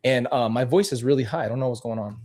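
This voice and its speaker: Candid, animated male vlogger. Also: medium pitch, fast talker, faint music behind. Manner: candid, animated, frequent restarts. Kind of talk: casual commentary on old clips.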